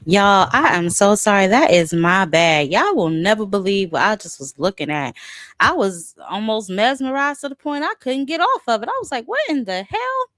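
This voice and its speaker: Woman, livestream host, sassy and dramatic, very lively pitch, dry close mic. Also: moderate pace, no room sound. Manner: sassy, dramatic, calls viewers honey and child. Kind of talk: casual livestream commentary.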